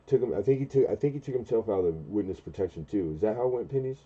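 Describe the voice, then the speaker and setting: Rambly guy in his 40s streaming late at night, low husky voice, kinda muffled lo-fi mic. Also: expressive. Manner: rambling, halting, with many restarts and fillers; acts out quoted dialogue in a much higher, louder voice. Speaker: livestream host. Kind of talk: casual late-night storytelling.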